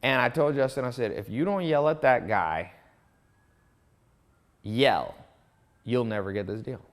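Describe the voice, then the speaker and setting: A man teaching a course in a casual monologue, telling stories with lively asides and restarts. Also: medium pitch, a little slow. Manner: storytelling, animated, with asides and restarts. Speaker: course instructor.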